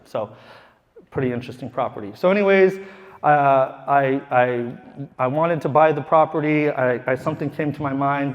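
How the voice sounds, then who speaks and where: A man who is a real estate investor tells a casual, profane story to a live audience in a room, laughing as he goes. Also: medium pitch. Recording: long hall reverb.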